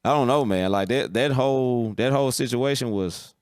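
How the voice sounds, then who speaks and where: A man's voice: medium pitch, normal speed, clear, resonant tone, no echo, studio quality. A man hosting a live football talk stream, giving blunt opinions in casual commentary and often checking "you understand?".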